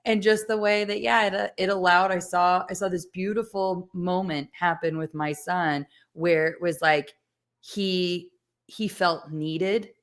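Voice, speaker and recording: A woman's voice: on the low side, steady tone, a little slow. A woman hosting a podcast, sharing a personal story in an earnest, emotional way. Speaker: podcast host. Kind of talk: conversational interview.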